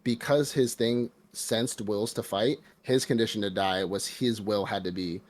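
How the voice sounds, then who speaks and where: A man co-hosting a podcast, casually retelling a film scene by scene in slangy talk and slipping into quick character voices. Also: on the low side, steady tone. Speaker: podcast co-host. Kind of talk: casual chat recapping a film.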